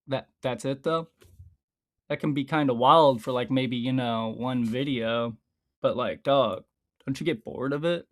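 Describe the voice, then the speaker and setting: A man's voice: mid-range voice, a little slow. Rambling, foul-mouthed male streamer. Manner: loose and rambling, swears a lot, stops to laugh at his own lines. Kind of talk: casual stream chat, reading his own scripts aloud.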